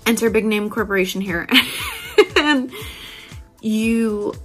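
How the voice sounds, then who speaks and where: A woman's voice: on the high side, lively intonation, takes it slowly, soft background music. A woman hosting a casual self-help podcast, swearing freely, laughing often and acting out her own inner voice. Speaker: podcast host.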